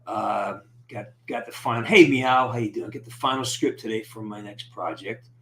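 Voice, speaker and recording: A man's voice: lowish voice, moderate pace, fairly bright tone. Upbeat man hosting a live stream. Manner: upbeat, greets viewers by name, rambling. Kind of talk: casual live-stream chat.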